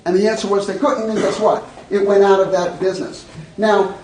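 A man's voice: high-pitched, level tone, fairly quick, a little mellow, slight background noise. A man teaching a live workshop, blunt and joking in a conversational way to an audience. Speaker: educator. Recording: echoey room.

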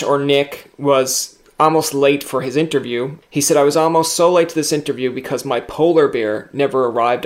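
A man hosting a casual interview, animated and acting out the voices in his anecdotes. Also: medium pitch. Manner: animated storyteller, acts out quoted voices. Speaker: interview host.

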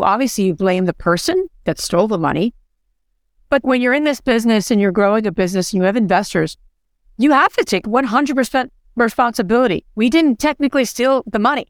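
A woman's voice: mid-range voice, dry recording, clean studio sound. A woman co-hosting a podcast, speaking in an earnest, encouraging way. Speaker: podcast co-host. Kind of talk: motivational podcast talk.

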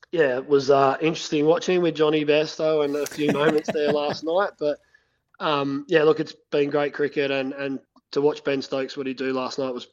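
A man who is a cricket head coach, being interviewed and speaking in a halting way, full of fillers and restarts. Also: mid-range voice. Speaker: head coach of a national women's cricket team. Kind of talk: phone interview. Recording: dull lo-fi phone line.

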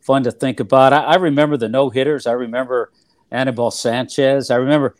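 An older man, a former ballplayer turned TV analyst, telling stories in a relaxed interview with many fillers and restarts. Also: medium pitch, fairly quick, no echo, studio quality. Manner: rambling, filler-heavy recollection with frequent restarts. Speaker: former player and TV analyst, guest.

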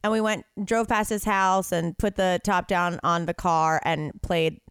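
A woman co-hosting a podcast, chatting casually and telling stories in a lively way. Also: fairly low pitch, measured pace, clean tone, no room sound, studio quality. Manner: lively storytelling with playful put-on voices. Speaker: podcast co-host. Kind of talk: casual chat.

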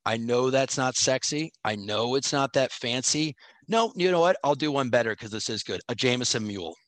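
A playful man riffs and jokes with his co-host on a podcast, his voice at an everyday middle pitch. The recording is dry and close, with no room sound. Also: expressive, normal speed, a bit bright, no echo. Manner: jokey, playful, bro-ish banter. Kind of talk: casual chat.

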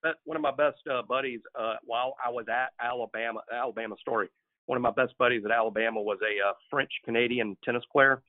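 A man co-hosting a podcast, telling a casual story with many fillers and lively quoted lines. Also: fast. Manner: hesitant with many fillers, acts out quotes with rising pitch. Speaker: podcast co-host. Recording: tinny phone-like dry line.

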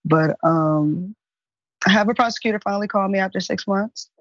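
A woman answering interview questions hesitantly, with many pauses and ums. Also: mid-range voice, no room sound, highs cut off. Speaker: interview guest.

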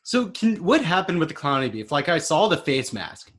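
A man's voice: on the high side, very animated, a bit bright. Man hosting a laid-back interview. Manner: reactive, quick to laugh along. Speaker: host. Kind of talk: casual chat.

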